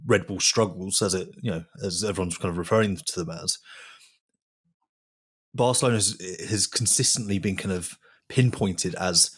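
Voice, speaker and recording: A man's voice: deep voice, normal speed, breathy edge. A male journalist on a podcast, chatting casually and analysing in detail, with fillers like "you know". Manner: analytical, with fillers like 'you know'.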